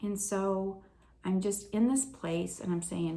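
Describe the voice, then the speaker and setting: A woman's voice: mid-range voice, takes it slowly, warm tone. A woman talks through a personal experience in a casual, earnest way. She is open and confessional, and she often laughs at herself as she goes.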